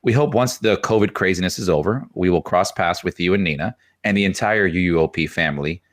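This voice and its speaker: A man's voice: low-pitched, fairly quick. A man co-hosting a podcast, reading out listener messages and laughing between them. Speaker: podcast co-host.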